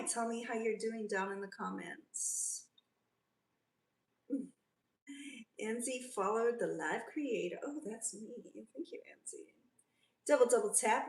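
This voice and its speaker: A woman from South Africa hosting a casual livestream, chatting and reading out and answering viewer comments. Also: on the high side. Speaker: livestream host. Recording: roomy, from a distance.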